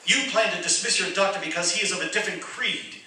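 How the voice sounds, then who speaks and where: A man's voice: high voice, quick pace, pushed and bright, a little hiss or hum. A man in a radio play voicing Goodwill, a small boy spirit who lectures people in an earnest tone. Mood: stern preaching. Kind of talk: amateur radio drama acting. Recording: roomy echo, distant mic.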